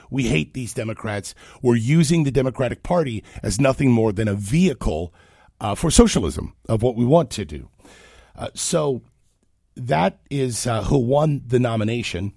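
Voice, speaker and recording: A man's voice: medium pitch, gravelly, a little mellow, no room sound, studio quality. A man hosting a talk show, giving opinionated, mocking political commentary.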